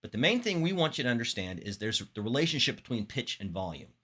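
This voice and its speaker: A man teaching public speaking in an instructional talk, demonstrating vocal techniques with expressive examples. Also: medium pitch, fast talker, breathy edge. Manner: demonstrates voices, animated and expressive.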